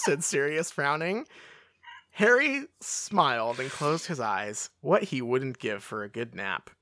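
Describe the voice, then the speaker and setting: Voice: medium pitch, big pitch swings, slow pace, fairly bright tone, slight background noise. A podcast co-host in casual chat, reading fan fiction aloud with playful character voices.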